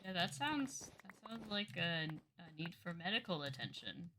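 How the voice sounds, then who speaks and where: A woman's voice: lowish voice, big pitch swings, normal speed, pushed and bright, slight background noise. A woman from New Jersey hosting a stream, chatting casually in a rambling way while playing a game. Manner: chatty, rambling with many restarts and laughs. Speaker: streamer host. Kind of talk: casual chat while gaming.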